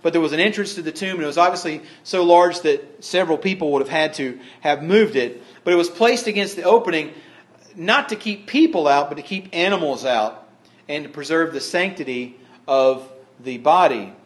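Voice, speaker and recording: A middle-aged man delivers a sermon in a slightly raised, fairly high register. He keeps it conversational, slipping dry humorous asides in between points. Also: normal speed. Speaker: pastor.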